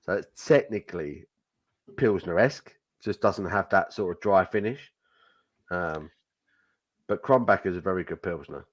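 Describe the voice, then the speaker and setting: A man's voice: sits low, moderate pace, pauses often. A man chatting on a beer livestream, cracking jokes and laughing at the others. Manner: laughing, jokey asides. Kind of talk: casual drinking chat.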